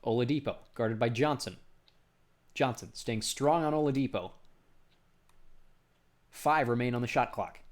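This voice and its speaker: Man calling basketball play-by-play. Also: medium pitch. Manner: brisk calling of each pass, voice jumps up on big shots. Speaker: play-by-play commentator.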